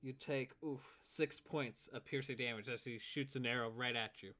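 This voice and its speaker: A man's voice: medium pitch, fairly even intonation, normal speed, pushed and bright. A man narrating as game master of a tabletop game, laid-back, chuckling and counting out movement.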